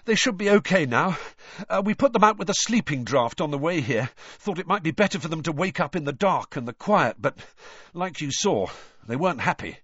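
A practical young dragon keeper talks briskly, a bit out of breath, as a man reading aloud puts him on. His voice is husky and lively, on a dull, dry recording. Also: on the high side, no echo, voice pushed up. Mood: brisk explaining.

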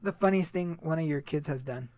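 A man's voice: a little high, a little fast, a little mellow, no echo. A young man in casual chat, laid-back and joking with plenty of swearing.

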